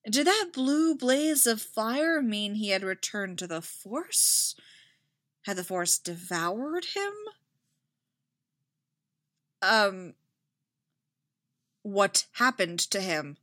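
Woman, story narrator, slow, expressive pitch, dry close sound. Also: dry recording. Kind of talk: reading fan fiction aloud.

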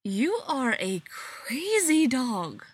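A woman's voice: high voice, big pitch swings, very slow, slightly rough, dry recording, voice pushed up, heavily acted. A woman reading as Spencer, an earnest, pleading young man. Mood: fond. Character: young man, earnest and orderly, desperate to win back his ex.

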